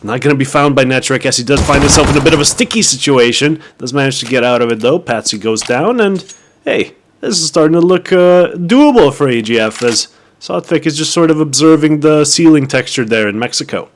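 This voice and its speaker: A man's voice: on the high side, animated, brisk. A man calling a shooter match, wry and rambling, with lots of filler words. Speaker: esports caster. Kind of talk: play-by-play commentary. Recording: faint background noise.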